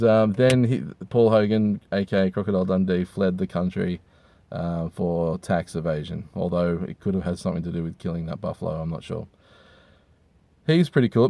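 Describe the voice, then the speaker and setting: A hungover man, rambling crudely and with deadpan humor while reviewing hats from inside a car. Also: deep voice, dry recording. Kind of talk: casual rambling monologue.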